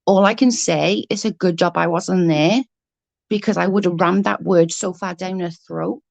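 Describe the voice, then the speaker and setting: A woman's voice: fairly low pitch, normal speed, creaky, no echo. A woman in her thirties telling a story on her vlog in a casual, heated way, swearing freely and acting out what was said. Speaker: vlogger.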